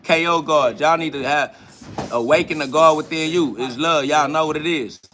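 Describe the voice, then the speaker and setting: Blunt, profane man with a sharp voice. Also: a little high, normal speed, slight background noise. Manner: preachy, emphatic repetition. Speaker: podcast host. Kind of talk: livestream replies to chat comments.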